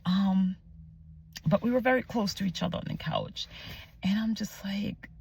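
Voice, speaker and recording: A young woman telling her personal faith testimony in a casual vlog, animated and chatty, often dropping to a near-whisper and searching aloud for words. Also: medium pitch, normal speed, gravelly, a little hiss or hum. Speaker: Christian vlogger sharing her testimony.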